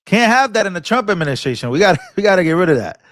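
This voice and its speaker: Racing along in a high, slightly bright voice with big pitch swings, a man runs a political commentary vlog. He's impassioned but casual, restarting, repeating words, and launching into sermon-like rebukes, in studio-quality sound without echo.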